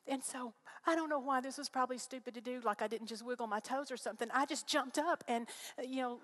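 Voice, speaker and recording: A woman's voice: on the high side, fairly even intonation, brisk, fairly bright tone. A middle-aged woman giving a heartfelt personal faith testimony to a live audience, telling her story in an earnest, storytelling way.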